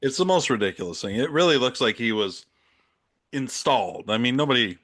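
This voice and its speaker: Male host, middle-aged, wry and opinionated, mid pitch, dry room. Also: expressive, brisk, a bit bright, no room sound. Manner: wry, sarcastic, laughs often. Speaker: podcast host. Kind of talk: casual opinionated chat.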